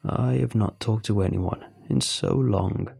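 A man voicing a stranded male alien with a low, gravelly voice and slow, drawn-out speech. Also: darkish tone, exaggerated voice. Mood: musing.

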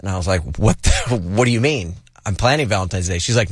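A man's voice: sits low, expressive, a little fast, husky, dry recording, clean studio sound. A man hosting a radio show, telling stories and teasing his co-hosts in casual banter. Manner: playful, teasing storyteller.

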